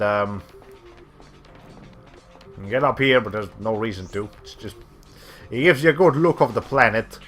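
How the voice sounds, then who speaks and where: A man's voice: on the low side, a bit bright. A man streaming a video game, losing his voice as he rambles and thinks aloud while playing, with casual swearing. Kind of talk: casual let's-play commentary.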